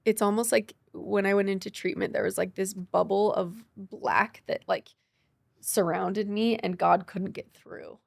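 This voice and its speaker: Woman, young adult, podcast guest, emotional storytelling, gravelly, dry close mic. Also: mid-range voice, fairly even intonation, no echo. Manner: quick, tearful retelling with quoted dialogue.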